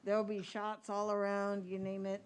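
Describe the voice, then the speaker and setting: A woman's voice: medium pitch, completely flat delivery, normal speed, clean tone. A woman hosting an open mic, upbeat and playful as she introduces the performers. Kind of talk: event hosting.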